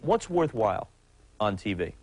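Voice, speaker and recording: A man with a fairly low voice hosts a talk show from a TV studio. He muses aloud in a relaxed, conversational way. As he tells anecdotes, he acts out the quotes. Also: normal speed, poor audio. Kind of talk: casual talk-show interviewing.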